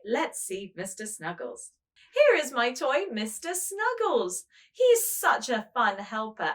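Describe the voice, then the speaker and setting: Woman preschool teacher, sing-song, slow, lively pitch, fairly high voice. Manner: slow, sing-song and animated, speaking to small children. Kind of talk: show-and-tell lesson for toddlers.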